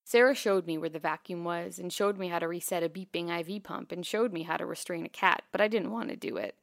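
A woman narrating a first-person memoir in a quiet, measured, intimate way. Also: fairly low pitch, vocal fry, dry recording, clean studio sound.

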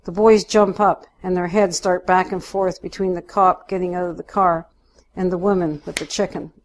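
A woman narrating a first-person story in a steady, unhurried way. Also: on the low side.

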